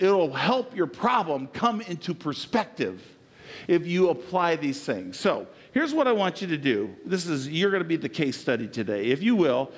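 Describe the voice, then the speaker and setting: A middle-aged man, a pastor delivering a sermon, who preaches emphatically and then drops into soft, low, intimate passages.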